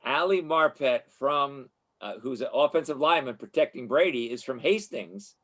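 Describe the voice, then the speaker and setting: A man's voice: medium pitch, normal speed, fairly bright tone. Easygoing man chatting on a video call. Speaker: board member. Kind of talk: casual chat at a meeting.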